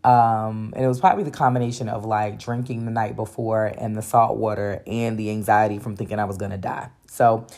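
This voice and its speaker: Very deep-voiced woman telling a story. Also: a little fast, few pauses. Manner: animated, exclaiming, often acting out her own panicked replies; casual, with slang and filler words. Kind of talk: casual personal storytelling.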